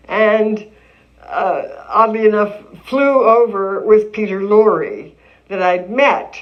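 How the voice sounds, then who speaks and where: An older woman in an interview, telling stories of her early acting career in a lively way, acting out what people said to her. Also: mid-range voice, slow, muffled recording. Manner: lively storytelling with acted-out quotes and laughs. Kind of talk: reminiscing interview.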